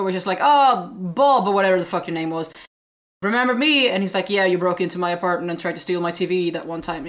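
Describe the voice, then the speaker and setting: A woman on a casual podcast recaps a film scene by scene. She stumbles and restarts often and mimics the characters as she goes. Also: mid-range voice. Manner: animated recapping with frequent restarts and acted-out quotes. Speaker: podcast co-host. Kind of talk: casual film review chat.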